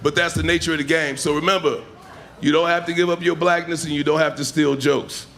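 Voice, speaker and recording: A man's voice: a little high, steady tone, brisk, vocal fry, background noise. A man from Chicago doing stand-up storytelling in a loose, swearing manner, on a handheld mic in a comedy club. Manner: loose, spells names aloud, swears.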